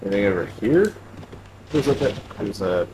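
A man playing a video game live, cursing often and breaking into loud, high-pitched outbursts. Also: expressive, moderate pace, noisy background. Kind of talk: swearing live game commentary.

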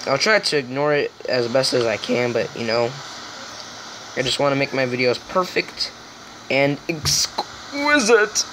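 A gaming video host talks through gameplay in a slow, unhurried way. The commentary is loose and rambling, full of jokes and playful self-mockery. A faint hiss sits under the voice. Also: mid-range voice, very animated, bright, forceful tone. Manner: joking, rambling, self-mocking.

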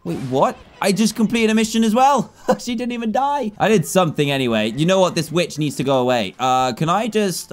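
Excitable young man doing game commentary. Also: fairly high pitch. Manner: excitable, jokey, laughs often. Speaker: gaming YouTuber. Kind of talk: let's play commentary.

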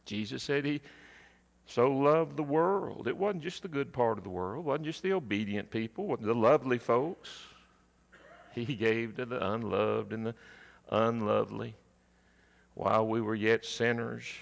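A man's voice: mid-range voice, vocal fry, a bit bright. A man preaching a sermon in a church, leaning hard on repeated key words for emphasis.

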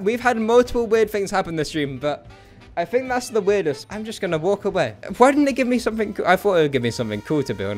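A young man streaming a game, commenting live in an excitable, jokey way and often breaking into laughter and yelps. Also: high voice. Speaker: gaming streamer.

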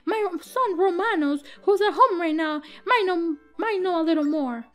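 A woman voicing a high, fretful village mother. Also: animated, moderate pace, a bit bright, faint music behind. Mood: worried. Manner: high, earnest reading voice. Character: weary middle-aged village mother, worried.

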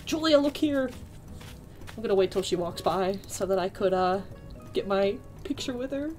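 Excitable young woman streaming a game. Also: on the high side, moderate pace, soft background music. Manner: excitable, squealing, laughing, talks to chat. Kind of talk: live game stream chat.

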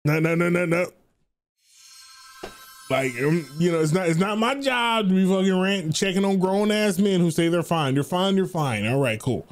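A man streaming a game, teasing his friends loudly and swearing a lot. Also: high-pitched, moderate pace. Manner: profane, loud teasing. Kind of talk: casual gaming chat.

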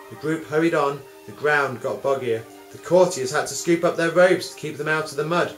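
A man, a music teacher, telling a story in a calm, measured way. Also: on the high side. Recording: roomy, with music behind.

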